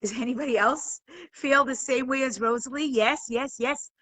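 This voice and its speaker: A woman's voice: high-pitched, moderate pace, pushed and bright, no echo, rough recording. A woman teaching a live online class, earnestly asking questions and inviting viewers to answer. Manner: earnest, questioning, engages the audience. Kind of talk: live-streamed talk to viewers.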